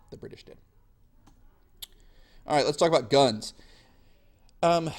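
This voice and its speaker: A man's voice: medium pitch, a little mellow. A young man teaching history in a casual, slangy lecture, sarcastic and acting out quoted voices.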